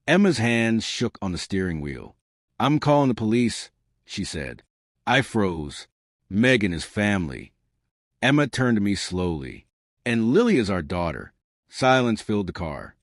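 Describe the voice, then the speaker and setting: Male narrator, low voice, lively delivery, dry close sound, first-person story. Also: measured pace, no room sound. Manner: reads all characters' dialogue in a mostly plain voice.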